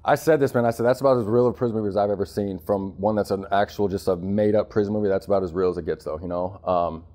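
A man's voice: on the low side, fairly even intonation, quick pace, mellow. A man in his thirties from Arizona, talking candidly as an interview guest about his time in prison, blunt and full of street slang. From Arizona, United States. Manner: blunt, streetwise slang, frequent "bro" and "you know".

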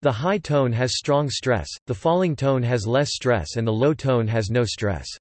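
A synthetic male voice at an ordinary middle pitch reads an encyclopedia article in an even, machine-flat way. The sound is completely dry, with no room around it. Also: unhurried, no echo. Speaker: text-to-speech reader. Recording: dry, close synthetic audio.

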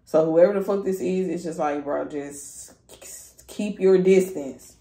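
A woman's voice: on the low side, a little slow, mellow, echoey room, slight background noise. A woman giving a casual tarot reading, blunt and profane, talking straight to her viewers. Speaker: tarot reader.

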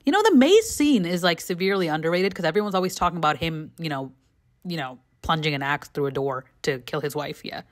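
A young woman who vlogs, running through quick, candid movie reviews in a casual, chatty way, full of "like" and "you know" and bursts of giggling. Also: low-pitched, lively intonation. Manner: bursts of giggling between opinions. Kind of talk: casual rapid-fire movie review chat.

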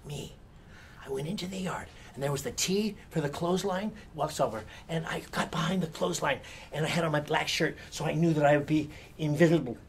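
Older guy from hawaii, pidgin accent, telling a spooky kids story, goes hushed then gets all worked up. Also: on the high side, fairly quick, husky. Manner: theatrical, swings from hushed to excited.

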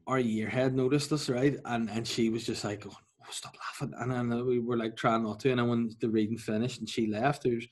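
A man's voice: medium pitch, little pitch movement, brisk, few pauses. A man co-hosting a podcast, telling a school anecdote in casual chat. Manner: chatty anecdotes, frequent agreeing murmurs. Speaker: podcast co-host.

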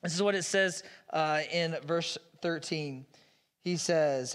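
A man's voice: fairly high pitch, takes it slowly, fairly bright tone, smooth. A man pastor preaching a sermon in a church, retelling a story in a casual, storytelling way. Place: church sanctuary. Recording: long reverb in a large hall.

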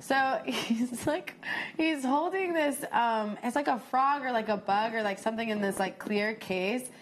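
A woman's voice: a little high, measured pace, a little hiss or hum. A young woman hosting a casual, giggly chat about funny viral videos. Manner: giggly, chatty, lots of fillers. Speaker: host.

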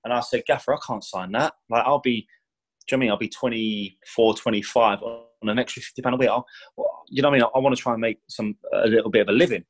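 A man's voice: medium pitch, steady tone, quick pace, poor audio. A former professional footballer as a podcast guest, telling his career stories in a chatty, rambling way. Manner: rambling, chatty, fond of "do you know what I mean"; acts out quoted speech with raised voice. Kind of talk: casual storytelling interview.

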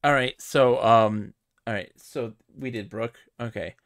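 Man, streamer, hesitant and wry, gravelly voice, dry sound. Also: mid-range voice, unhurried, no echo. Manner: hesitant, lots of ums, wry. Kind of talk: casual chat while playing a game.

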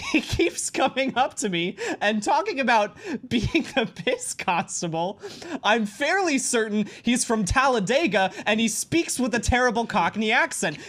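Woman playing an exasperated police captain. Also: fairly low pitch. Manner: incredulous, loud questioning.

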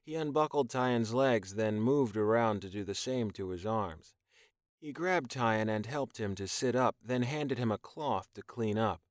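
A man reading an audiobook in even, measured scripted narration. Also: fairly low pitch, no room sound, clean studio sound.

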